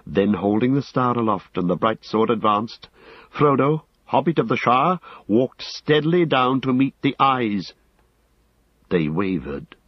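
Deep husky male fantasy narrator. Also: no echo. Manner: measured and dramatic. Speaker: audiobook narrator. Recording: slightly dull dry recording.

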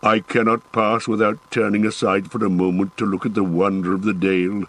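A man voicing a proud, sorrowful dwarf warrior in an audiobook, speaking slower and heavier than his narration. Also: on the low side, level tone, lightly acted, poor audio. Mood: eager. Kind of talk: audiobook character voice.

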